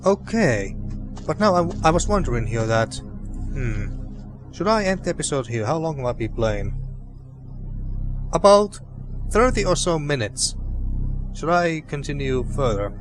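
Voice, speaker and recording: A man casually commenting on an adventure game as he plays, thinking out loud. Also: fairly high pitch, sing-song, unhurried, pauses often. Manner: rambling, thinking aloud with restarts. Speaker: let's play host. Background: game music.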